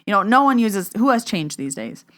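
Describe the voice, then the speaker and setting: On her casual solo podcast, a young woman who works as a medium tells stories into a podcast mic, voicing the dialogue herself and saying "like" often. Her medium-pitched voice is sing-song, brisk and fairly bright.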